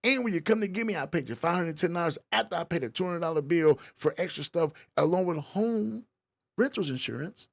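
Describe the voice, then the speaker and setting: A man's voice: fairly high pitch, expressive, fairly quick, creaky. A man hosting a casual livestream podcast, playfully teasing and reading chat comments aloud. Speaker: podcast host.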